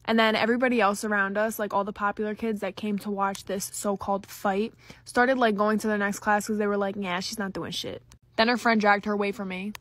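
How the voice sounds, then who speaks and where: A woman's voice: mid-range voice, level tone, a little fast, fairly bright tone. A young woman casually telling a school story, blunt and swearing freely. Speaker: TikTok creator.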